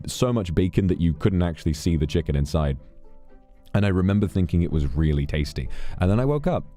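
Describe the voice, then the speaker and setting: A man's voice: low voice, warm tone. A British man chatting casually on a stream, rambling and swearing freely as he tells stories.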